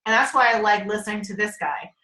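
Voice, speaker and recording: This team member talks quickly in a mid-range, sharp-toned voice, rambling through a casual chat on a group call. She laughs often and swears casually, heard through a conference call line in a room with echo.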